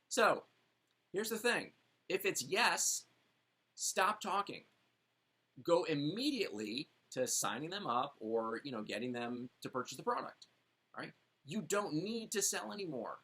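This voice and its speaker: A man's voice: fairly high pitch, moderate pace, slightly rough. A man teaching a sales training session, acting out sample customer dialogue and checking in with "right?" constantly. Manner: animated, acts out sample dialogue with lots of "right?". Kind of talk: training talk on sales objections.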